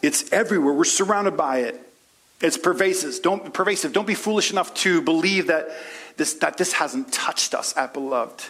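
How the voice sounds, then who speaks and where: A pastor delivers a sermon in a man's fairly high voice. He swings from hushed, low asides into soaring, impassioned prayer lines. Warm folksy asides to his church family run throughout. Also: moderate pace, breathy edge.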